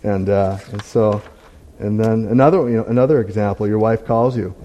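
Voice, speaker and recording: A man giving a candid, self-deprecating testimony in church, talking in a halting, conversational way with many restarts. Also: on the low side, muffled recording. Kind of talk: conversational sermon talk.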